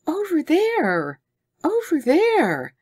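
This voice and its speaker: A woman reading an audiobook voices a frightened, dignified young jungle girl who speaks in high, breathless cries. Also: very animated, measured pace, a little mellow. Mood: urgent.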